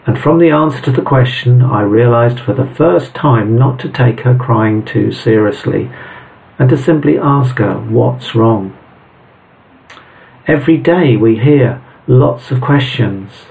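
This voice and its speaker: A middle-aged man delivers a short devotional talk at an unhurried, deliberate pace. His voice has a gravelly edge, and his manner is measured and reflective. The mic sits a little way off from him. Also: medium pitch, dark tone. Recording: voice a bit far from the mic.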